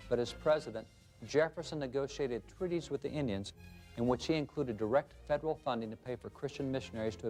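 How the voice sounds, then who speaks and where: A man speaking as a guest historian, emphatic and fond of lists of rhetorical questions. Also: mid-range voice. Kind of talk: interview answers, then scripted narration.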